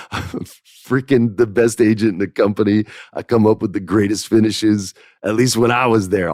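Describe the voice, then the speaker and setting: A middle-aged man hosting a podcast, casually telling a lively anecdote and acting out quoted dialogue with laughs. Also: fairly low pitch, no room sound, studio quality. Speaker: podcast host. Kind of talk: casual storytelling.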